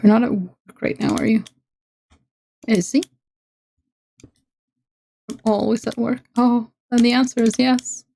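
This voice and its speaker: A woman's voice: on the high side, little pitch movement, a little slow, creaky, pauses often, dark tone, husky. A Norwegian woman, speaking English with a Norwegian accent, chatting casually with her viewers while playing a game on a livestream. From Norway. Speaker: streamer. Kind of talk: casual gameplay livestream chat.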